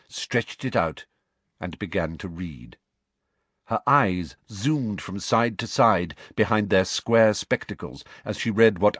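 A man narrating a novel in an expressive, dramatic storytelling manner. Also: lowish voice, husky, dry recording. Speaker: audiobook narrator.

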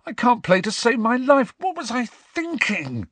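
A miserable teenage boy croaks out his doubts in a raised, strained voice, as a man puts him on. His tone is whispery and despairing. The storybook reading is husky and dry. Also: extremely high pitch, wildly swooping pitch, unhurried, fairly bright tone, dry recording, voice pushed up, full character voice.

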